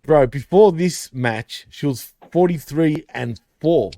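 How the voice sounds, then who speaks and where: A man's voice: a little high, takes it slowly, warm tone, dry recording, clean studio sound. A man co-hosting a casual wrestling recap show, laughing often and swearing, calling his co-host dude and bro.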